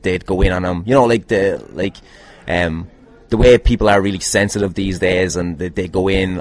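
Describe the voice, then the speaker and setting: A somewhat low-voiced man talks through listener questions in a loose podcast monologue. He swears freely, mocks himself and breaks into laughing asides. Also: a little mellow. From Ireland.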